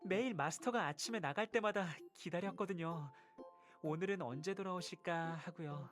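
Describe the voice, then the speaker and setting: An eager, devoted young boy, voiced by a woman in a game, rushing through his words at a breathless clip. His mid-range voice is polite and affectionate, with soft game music faintly behind him. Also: on the low side, lightly acted. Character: devoted sweet young boy companion, once not human. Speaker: game character. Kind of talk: dubbed visual novel voice acting.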